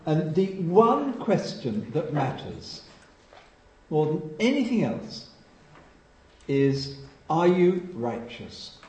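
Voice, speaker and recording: A man from England preaching a sermon, telling stories with lively emphasis and dropping to a quiet hush at solemn points. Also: fairly high pitch, takes it slowly, pauses often, echoey room, poor audio. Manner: animated storytelling, drops to a hush for solemn moments.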